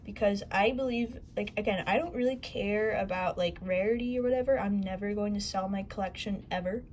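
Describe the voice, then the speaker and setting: Excitable young woman rambling on camera. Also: medium pitch, a little fast, a little hiss or hum, rough recording. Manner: rambling, laughing, excitable storytelling. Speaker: vlogger. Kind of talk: casual collection vlog.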